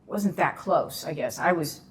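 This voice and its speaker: A woman tells a story as a podcast guest, chatting casually. Her voice sits a little low. She acts out the people in the story with lively shifts. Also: measured pace. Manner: animated storyteller acting out quoted dialogue.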